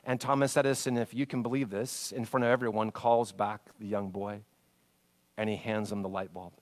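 A man preaching a sermon, retelling stories with animated swings between loud emphasis and hushed passages, sometimes stumbling over names. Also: lowish voice, moderate pace. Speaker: pastor.

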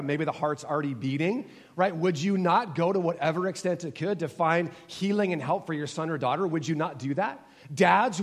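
A man in his forties preaching a sermon in a church, building to emphatic repeated exhortations and then dropping low and soft. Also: breathy edge, long reverb tail. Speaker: pastor.

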